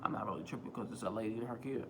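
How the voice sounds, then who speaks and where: A man's voice: fairly low pitch, very fast, noisy background. A man vlogging a casual storytime on a phone, rambling, repeating himself and swearing freely. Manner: rambling, profane, self-repeating.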